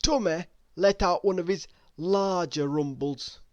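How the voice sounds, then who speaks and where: Slow expressive woman storyteller. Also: on the low side, no room sound, highs cut off. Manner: expressive unhurried reading. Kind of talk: bedtime story read-aloud.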